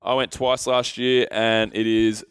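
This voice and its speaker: A man's voice: lowish voice, flat delivery, measured pace, fairly bright tone, clean tone, no echo, clean studio sound. A man hosting a podcast, reading ads casually and stumbling over words, cursing his own slips. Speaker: podcast host. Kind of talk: casual podcast chat and ad read.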